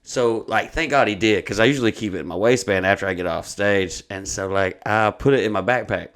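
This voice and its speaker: A man's voice: lowish voice, a little fast, a bit bright. A man telling a long, profane, rambling story in casual podcast talk. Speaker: comedian.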